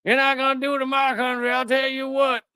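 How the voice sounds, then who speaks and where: A man's voice: very high-pitched, completely flat delivery, quick pace, bright, forceful tone, clean tone, no echo, clean studio sound, voice pushed up. A man putting on a drawling Southern politician. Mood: mocking. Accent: American Southern (put on). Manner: mocking drawl. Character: blustering male politician with a Southern twang.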